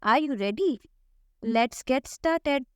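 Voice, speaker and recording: Female teacher, higher register, very slow drill delivery, dry close sound. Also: animated, clear, resonant tone, no echo. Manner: slow, careful, repeats each word for practice. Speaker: language teacher. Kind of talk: slow scripted alphabet lesson.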